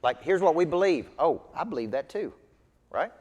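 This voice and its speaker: A man's voice: a little high, expressive, normal speed, a little mellow. A man working as a business coach, giving a motivational sales training talk to a group at tables, with emphatic, punchy repetition. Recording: reverberant hall sound.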